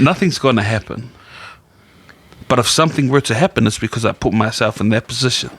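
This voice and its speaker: This man speaks at a middling pitch, rambling through casual stories and giving other people's lines in his own plain voice. The sound is dry and close, with no room around him. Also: brisk, a bit bright, husky, no echo. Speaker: podcast co-host. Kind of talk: casual chat.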